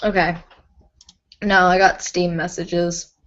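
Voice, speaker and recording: A young woman reading fanfiction aloud with a friend over a video call, giggly and bossy with quick asides. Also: level tone, a bit bright. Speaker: fanfic reader, co-host. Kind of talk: casual chat and reading aloud. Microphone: computer mic on a video call. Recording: muffled low-fi computer mic.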